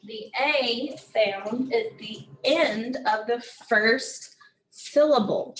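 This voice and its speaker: A woman teaching a phonics lesson, saying each word slowly and repeating it several times. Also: a little high, a bit bright. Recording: echoey room from a distance.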